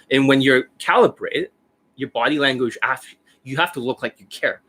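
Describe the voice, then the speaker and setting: A man's voice: mid-range voice, normal speed, a bit bright, husky. A man in his forties, a dating coach, explaining in a blunt, profane, demonstrative casual talk.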